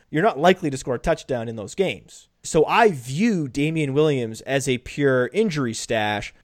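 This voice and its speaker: Jokey man talking stats, slightly high. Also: dry recording, clean studio sound. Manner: brisk, stats-heavy, jokey. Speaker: podcast host. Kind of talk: casual analytical chat.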